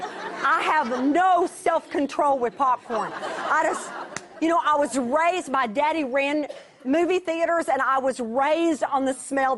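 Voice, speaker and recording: A woman, a Bible teacher telling a personal story to her broadcast viewers. She talks in a chatty way, restarts her sentences and laughs at herself, and she drops to a hush at tender moments. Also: mid-range voice.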